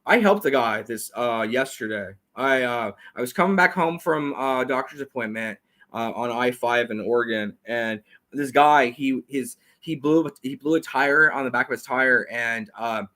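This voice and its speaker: Brief: talkative male host, rambling and quick, bright tense tone, slightly high. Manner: rambling, repeats words, talks fast. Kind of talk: casual chat.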